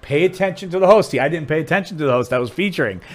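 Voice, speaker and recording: A man from Ohio, a comedian, chatting casually on a podcast and telling stories with a lot of restarts and swearing. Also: rapid-fire. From Dublin, Ohio, USA. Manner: animated storyteller, voice jumps high and loud when acting out people. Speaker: comedian guest.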